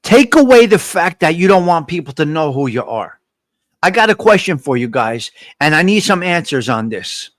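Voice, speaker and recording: Very animated and fairly bright in tone, a high-voiced man hosts a live morning coffee chat at normal speed. He talks right to his audience, repeats his motivational messages, and reads out chat names and replies. Close-miked and dry, the audio has no echo or room around it.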